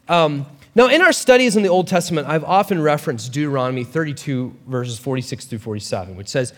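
A man preaching a sermon as a pastor, talking in a casual, animated way with quick asides. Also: fairly high pitch, long reverb tail.

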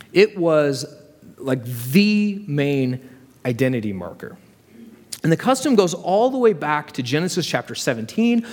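Animated, conversational preacher in a hall. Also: male voice, fairly high pitch. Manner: conversational, vivid storytelling. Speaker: pastor. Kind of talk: sermon.

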